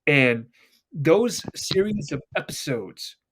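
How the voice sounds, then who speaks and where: Rambling young man with a higher voice. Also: sing-song, takes it slowly, fairly bright tone, slight background noise. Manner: rambling, swears, retells TV scenes at length. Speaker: podcast host. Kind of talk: casual chat.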